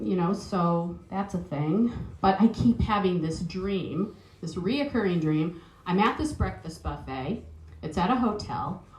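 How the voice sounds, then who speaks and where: A middle-aged woman with a New Zealand accent doing a chatty, self-mocking stand-up comedy set on stage, laughing at her own jokes. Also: medium pitch. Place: stage at a live improv show. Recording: roomy live venue sound.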